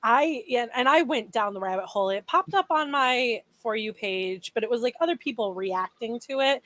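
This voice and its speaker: A young woman co-hosting a casual podcast, telling a story in an animated way with many fillers. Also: fairly high pitch, normal speed. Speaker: podcast co-host. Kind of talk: casual chat.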